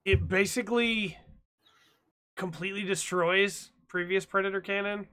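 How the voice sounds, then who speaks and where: A man trades jokes and teasing banter as a podcast co-host. His voice sits a little high and sounds bright and sharp. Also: fairly even intonation, moderate pace. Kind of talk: casual chat.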